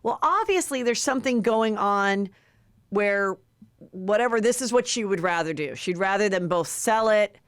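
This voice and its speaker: A woman's voice: mid-range voice, normal speed, dry recording. Lady podcast host gossiping, super chatty, dry close mic. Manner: chatty, animated, acts out quotes in put-on voices. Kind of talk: casual gossip chat.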